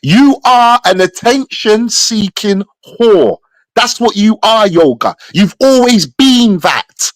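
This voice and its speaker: A combative man with a very high speaking voice trades insults on a livestream panel, his tone swinging widely up and down as he mocks. The audio is close and completely dry. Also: lively intonation, takes it slowly, no echo. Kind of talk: heated live panel argument.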